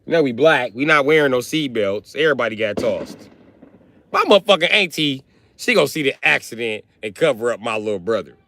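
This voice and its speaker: A man on a live stream telling a funny family story, animated and profane, with heavy slang. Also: mid-range voice, moderate pace, dry recording. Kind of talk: comic storytelling.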